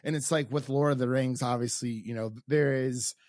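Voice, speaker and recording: A man's voice: medium pitch, steady tone, normal speed, darkish tone, no room sound, studio quality. A man co-hosting a casual TV recap podcast, enthusiastic, acting out his own reactions as he talks. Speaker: podcast co-host.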